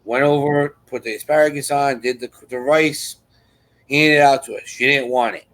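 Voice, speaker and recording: A man's voice: mid-range voice, steady tone, moderate pace, a bit bright, rough recording. A man hosting a live chat, telling a rambling story and acting out other people's lines. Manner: rambling and repetitive, restarts sentences; acts out others' lines in quoted voices.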